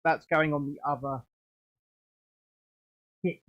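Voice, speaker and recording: A man hosting a live stream, chatting in a rambling, animated way as he builds a set. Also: a little high, slow, no room sound, dull audio. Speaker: streamer host. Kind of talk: casual live-stream chat while building.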